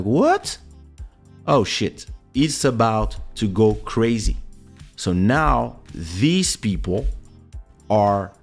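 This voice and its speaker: A man with a low voice tells a personal story as host of his own show. He is animated and jumps into other people's voices as he goes. Faint music plays under his close podcast mic. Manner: animated, acts out quoted voices. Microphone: studio podcast mic.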